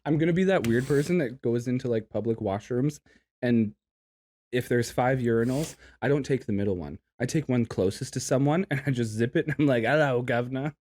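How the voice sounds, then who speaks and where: A man's voice: mid-range voice, fairly quick, mellow. Giggly man in casual podcast chat. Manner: giggly, laughs often, jumps into silly voices. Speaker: podcast co-host. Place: outdoors in a park.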